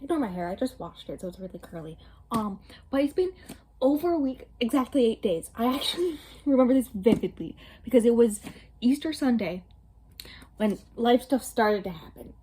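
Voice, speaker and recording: A woman's voice: a little high, animated, normal speed, dark tone, slight background noise. A woman in her twenties chatting casually in a book vlog, rambling with many fillers and little laughs, recorded at home into a camera in front of her. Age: 20s. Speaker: book vlogger. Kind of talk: casual chat.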